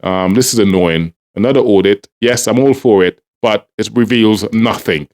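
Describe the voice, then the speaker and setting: A man's voice: lowish voice, normal speed, a little mellow. A man giving heated, exasperated political commentary, repeating himself in frustration. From Trinidad and Tobago.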